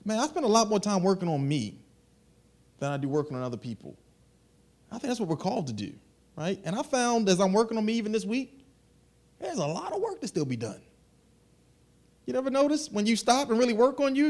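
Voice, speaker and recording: A man preaches with a high-pitched voice in a loose, conversational way. He slips into little acted voices to make his points. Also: a little fast. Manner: animated, conversational preaching with acted asides and laughs. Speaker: pastor. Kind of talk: sermon.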